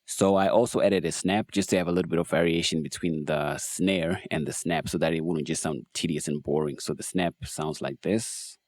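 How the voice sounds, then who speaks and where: A man casually walking through how he built a beat, in a laid-back, relaxed way, as host of a production tutorial. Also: sits low, moderate pace, few pauses, a little hiss or hum. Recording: faint music behind voice. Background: beat playback.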